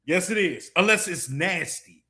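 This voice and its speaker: A man's voice: sits high, expressive, unhurried, pushed and bright. A man co-hosting a live show, teasing and laughing through casual banter. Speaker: co-host.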